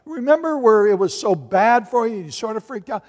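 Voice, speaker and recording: A man preaching a sermon as pastor, animated, acting out little voices and asking the congregation questions. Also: high voice, normal speed, few pauses, big-room sound.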